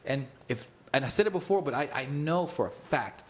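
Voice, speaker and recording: A man's voice: mid-range voice, lively intonation, brisk. A man co-hosting a casual political talk show, blunt and outspoken, often stammering as he starts a point. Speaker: co-host.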